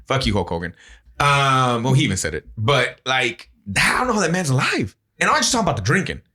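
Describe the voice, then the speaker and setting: A man's voice: mid-range voice, sing-song, brisk, pushed and bright. A man co-hosting a podcast, chatting casually, laughing often and swearing as he rambles through stories. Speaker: podcast co-host. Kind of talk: casual chat.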